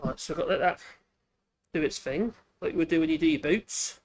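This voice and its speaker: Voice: medium pitch, animated, a little fast. A woodworking channel host, chatting casually while demonstrating at the workbench, thinking aloud and correcting themselves as they go.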